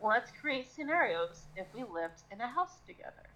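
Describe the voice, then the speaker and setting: A woman co-hosting a podcast, telling a crude, lively comic scenario full of swearing. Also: a little high, moderate pace, low-quality recording. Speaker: podcast co-host. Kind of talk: casual comedic storytelling.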